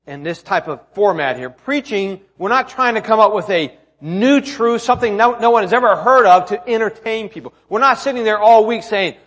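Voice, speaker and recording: Male pastor, conversational sermon, rhetorical questions, high pitch, reverberant hall. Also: lively intonation, fairly quick, hardly any pauses, a bit bright.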